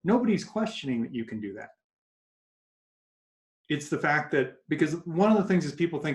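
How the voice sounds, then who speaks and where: A man talks through his advice in a casual interview, telling anecdotes and slipping into quoted voices. His voice sits a bit high for a man. The room around him sounds echoey. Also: moderate pace, long pauses. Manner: animated storyteller acting out quoted voices. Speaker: guest coach.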